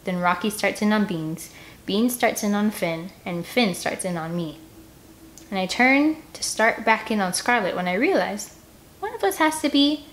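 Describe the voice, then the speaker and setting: A woman reading a children's novel aloud in first person, gentle and expressive. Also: medium pitch, a little hiss or hum. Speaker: audiobook reader. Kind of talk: first-person storybook narration.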